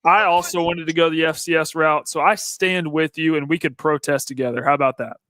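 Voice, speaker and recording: A man's voice: fairly high pitch, fairly even intonation, a little fast, a bit bright, dry recording. A young man filling in on a sports radio panel, joking and self-deprecating. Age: young adult. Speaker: fill-in panelist. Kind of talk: casual sports talk.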